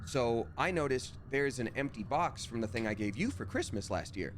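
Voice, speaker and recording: A man's voice: medium pitch, expressive, moderate pace, slight background noise. A man streaming a video game, chatting casually and telling a story while he acts out both sides of a conversation.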